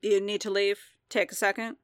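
A woman voicing a stern male bounty hunter in a story reading, speaking quietly, slowly and gravely. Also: medium pitch, level tone, no echo, clean studio sound, lightly acted. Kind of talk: audiobook fan fiction reading.

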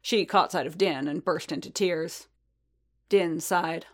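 Brief: woman narrator, lowish voice, steady storybook reading. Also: slow. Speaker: reader.

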